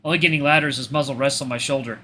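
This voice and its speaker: A man reading a visual novel aloud in expressive first-person narration, stumbling now and then. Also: mid-range voice, very fast, a little hiss or hum. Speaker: let's play host.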